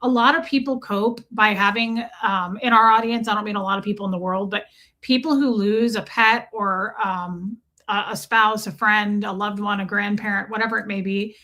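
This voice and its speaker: A woman's voice: mid-range voice, fairly even intonation, moderate pace. A woman hosting a casual live stream, chatting and greeting viewers one by one with teasing banter. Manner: chatty, teasing, warm toward chat. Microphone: streaming mic.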